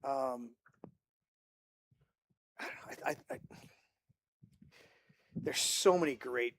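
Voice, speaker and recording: A man hosting a casual movie podcast, talking excitedly, swearing often and rambling with restarts. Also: mid-range voice, slow pace. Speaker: podcast host.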